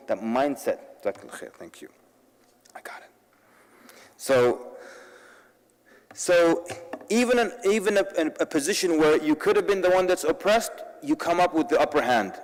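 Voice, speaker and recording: A fairly high-voiced man delivers a sermon-style talk to a convention crowd. He moves between lively storytelling with wry asides and urgent direct appeals to his listeners. His voice carries a long reverb from a large hall. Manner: addresses the audience directly and urgently. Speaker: convention speaker.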